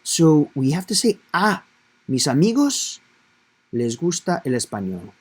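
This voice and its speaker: A man's voice: fairly high pitch, very animated, measured pace, darkish tone, breathy edge. A man teaching a Spanish grammar lesson, explaining patiently and step by step, stressing key points.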